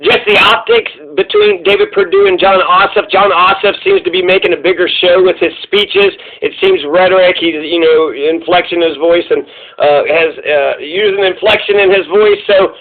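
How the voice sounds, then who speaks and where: A man offers casual political commentary, rambling and full of fillers, with occasional curses. His voice sits high for a man. The sound is thin and tinny, like a phone line. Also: animated, moderate pace. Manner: rambling, profane, many fillers.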